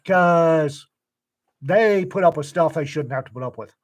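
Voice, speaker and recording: An older man tells stories in a relaxed, folksy way. His voice sits a little on the high side. He slips into the voices of the people he quotes as he goes. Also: measured pace. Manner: folksy storyteller who acts out quoted voices. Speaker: podcast co-host telling stories. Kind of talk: casual storytelling chat.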